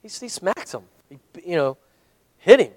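A man's voice: high voice, big pitch swings, moderate pace, a little mellow, no room sound. A man, a pastor, leading a Bible study, reading scripture aloud and explaining it in a conversational way.

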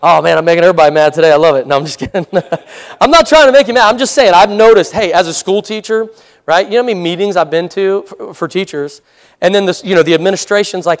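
Pastor, male, high voice; chatty sermon with amen calls and laughs. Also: fast.

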